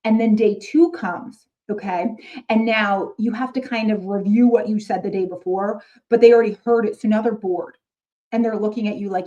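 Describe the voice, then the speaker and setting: A chatty woman with a New York accent talks casually to other teachers in a warm, mellow voice. She peppers her talk with "okay?" and wry jokes. Her tone is relaxed and down to earth. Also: mid-range voice, normal speed, dull audio. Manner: chatty, keeps checking in with "okay?", wry joking asides. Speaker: middle school marketing teacher, channel host. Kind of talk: casual chat to fellow teachers.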